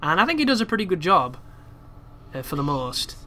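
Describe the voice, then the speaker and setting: A young man giving casual, chatty commentary over a video game walkthrough, excitable and swearing freely. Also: fairly high pitch, a little fast. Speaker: gameplay commentator.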